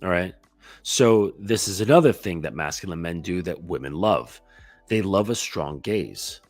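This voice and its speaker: A man's voice: low voice, expressive, unhurried, no echo, soft background music. A man giving a casual coaching talk as a dating coach, chatty and loose, swearing now and then and often checking in with "right?".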